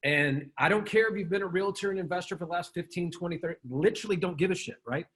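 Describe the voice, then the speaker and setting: A man's voice: high-pitched, quick pace, a bit bright. A man hosting a casual interview, talking emphatically and bluntly with plenty of swearing and slang. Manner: emphatic and blunt, with frequent swearing and "dude", "bro". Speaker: podcast host.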